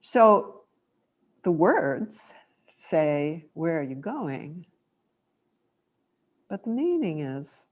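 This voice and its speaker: A woman with a low voice gives a dharma talk as a meditation teacher. She speaks gently and reflectively, taking her time. The recording is dull and lo-fi. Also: very animated, very slow, long pauses.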